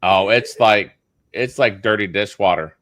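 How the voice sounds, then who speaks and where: A man's voice: lowish voice, a little slow, fairly bright tone, no room sound. A man co-hosting a casual podcast chat, blunt and opinionated with a self-deprecating streak. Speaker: podcast co-host.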